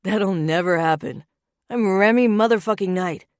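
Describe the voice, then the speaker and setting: A woman narrator voicing a brash, cocky young cowboy who boasts loudly in an audiobook. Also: medium pitch, normal speed, dry recording, clean studio sound, close to an everyday voice. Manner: boastful, swaggering.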